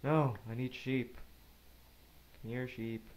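A man giving casual let's play commentary, rambling and talking to himself with quick asides. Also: medium pitch, steady tone, darkish tone, a little hiss or hum. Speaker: gamer narrating gameplay.

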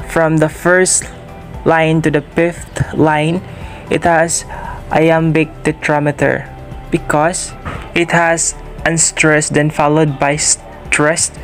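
Slow, flat-voiced young man presenting. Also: fairly high pitch. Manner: slow, careful and read-out. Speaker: student presenter. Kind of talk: class presentation on poetry.

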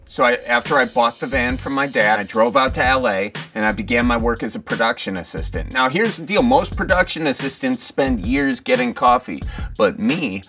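A man, telling a comic story in a folksy, animated way. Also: mid-range voice, moderate pace, far from the mic, faint music behind. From Wisconsin. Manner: animated, folksy, acts out quotes. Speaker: storyteller comedian.

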